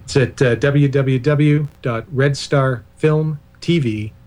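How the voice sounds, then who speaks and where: A man's voice: medium pitch, steady tone, slow, a little mellow. Digressive male author on a radio call-in. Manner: discursive, digressive, self-deprecating asides. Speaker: author and filmmaker guest. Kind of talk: radio interview talk.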